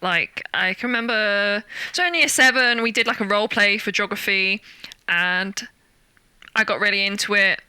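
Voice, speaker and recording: Young british woman, very bright voice, dry close sound, animated storytelling. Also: moderate pace, clear, resonant tone, dry recording. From Britain. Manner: animated storyteller, acts out quotes with big jumps in pitch. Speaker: guest actor. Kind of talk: casual interview chat.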